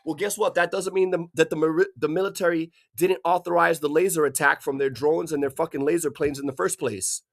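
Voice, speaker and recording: A man from Hawaii delivering an angry, profanity-filled rant, swearing constantly and bursting into shouts. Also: a little high, fairly even intonation, fairly quick, creaky, hardly any pauses. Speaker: vlogger.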